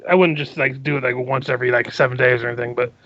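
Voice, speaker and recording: A man's voice: medium pitch, steady tone, racing, fairly bright tone, muffled recording. A man playing a tabletop game casually, rambling with lots of filler words. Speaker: player.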